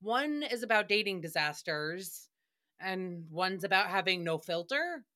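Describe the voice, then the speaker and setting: Bright, chatty woman. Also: medium pitch, animated, unhurried. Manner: chatty, profane, laughs often, dramatic retellings. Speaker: podcast host. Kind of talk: solo recap podcast.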